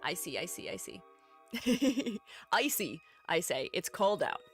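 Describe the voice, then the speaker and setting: Chatty woman streamer, lively pitch. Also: takes it slowly, breathy edge, faint music behind. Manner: chatty, reads chat aloud, laughs often. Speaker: streamer and art educator. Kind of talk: casual live-stream chat.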